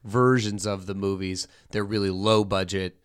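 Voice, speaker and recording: A man's voice: lowish voice, normal speed, clear, resonant tone. A man in casual movie-review chat, rambling and restarting his sentences as he jokes. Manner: rambling, restarts, animated joking. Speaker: podcast co-host.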